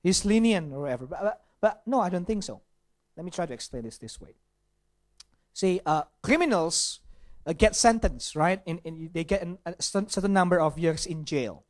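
Pastor preaching in English. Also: male voice, high-pitched, expressive, normal speed. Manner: asks the audience questions, with some Indonesian asides. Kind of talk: sermon.

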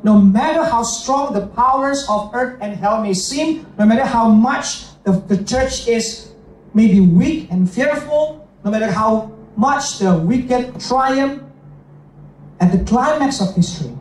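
A pastor delivers a bilingual sermon, interpreting himself, in an extremely high, expressive, darkish voice at a slow pace. He's emphatic and repetitive, repeating phrases and checking in with the congregation using "okay?" and "right?". The recording is in an echoey hall, his voice heard from a distance.

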